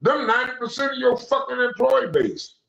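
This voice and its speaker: An animated young man holds forth on a casual call-in stream, his voice swinging up and down as he rants, loose and profane. The sound is echoey and a bit dull, like a lo-fi room recording. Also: very high-pitched, fairly quick, vocal fry. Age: young adult. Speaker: stream host.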